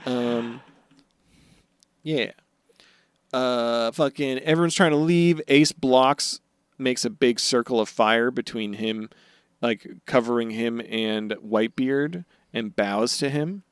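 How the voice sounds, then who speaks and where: A young man on a casual podcast, talking through a story with lively energy and breaking into squeaky character voices now and then. His voice is smooth and resonant, with a dry, close sound and no room around it. The pitch sits in an ordinary middle range for a man. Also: slow pace, dry recording. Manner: animated recapper who acts out characters in high silly voices. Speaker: podcast co-host.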